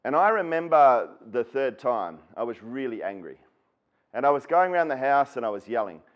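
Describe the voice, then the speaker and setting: A man's voice: mid-range voice, very animated, normal speed, lo-fi sound. Earnest Australian man telling a story. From Western Australia. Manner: earnest storyteller who acts out quoted people. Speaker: speaker at an education symposium. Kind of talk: personal storytelling keynote talk.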